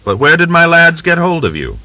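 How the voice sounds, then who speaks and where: A man's voice: a little high, wildly swooping pitch, brisk, no room sound, voice pushed up. A man reading aloud, voicing a scheming, boastful Cossack rebel leader who talks with coaxing, smug confidence, on a dull lo-fi recording.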